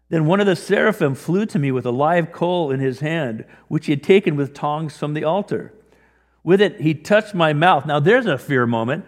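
Animated preacher in a reverberant hall. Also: male voice, on the high side, slightly rough. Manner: conversational, animated when acting out scripture. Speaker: pastor. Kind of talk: sermon. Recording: long reverb of a large hall.

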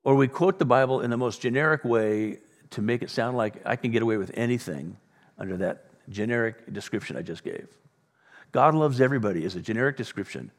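A man preaching a sermon as pastor, animated, playing out the voices of the people he talks about. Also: medium pitch, brisk. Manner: animated, acts out voices of others. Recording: long reverb in a large room.

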